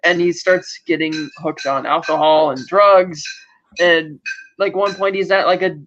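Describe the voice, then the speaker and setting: High-voiced man rambling through a recap. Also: fairly even intonation, unhurried, a bit bright, a little hiss or hum. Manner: rambling, full of "like" and restarts. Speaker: podcast co-host. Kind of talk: casual recap chat. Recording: dull lo-fi recording.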